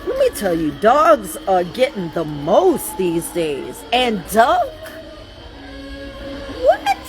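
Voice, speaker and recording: A woman, chatting excitedly in a casual vlog while walking through a large store, laughing often. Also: medium pitch, takes it slowly, soft background music, rough recording. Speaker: vlogger. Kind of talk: casual shopping vlog chat.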